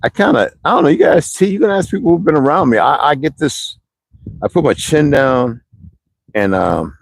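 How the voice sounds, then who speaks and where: A man's voice: a little high, moderate pace, creaky, no echo. A man talking on a livestream, preaching in a rambling, wandering way and reading out viewer comments. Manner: animated, preachy, digressive.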